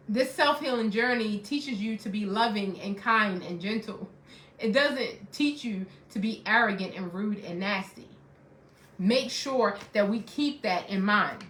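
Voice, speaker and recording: Middle-aged woman, life coach; preachy, emphatic repeater, bright and higher voice, roomy echo. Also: slight background noise. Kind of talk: motivational self-help talk.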